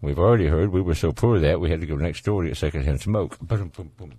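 Southern male radio host, very low voice, folksy and easygoing, dry close mic. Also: fast, mellow, slightly rough, no echo. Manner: folksy, laid-back, chuckling. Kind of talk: casual call-in radio chat.

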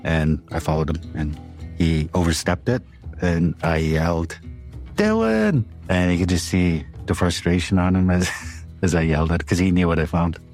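Male interviewee, very deep voice, calm and reserved storyteller, faint music bed. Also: normal speed. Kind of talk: personal storytelling.

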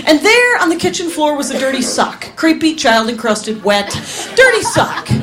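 A woman's voice: sits high, sing-song, moderate pace, a bit bright. A woman from Wisconsin in her forties performing a stand-up set, telling stories with lots of laughter and acted-out quotes. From Wisconsin, USA. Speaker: stand-up comedian. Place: comedy venue in front of an audience. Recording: live club with crowd noise. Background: audience laughter.

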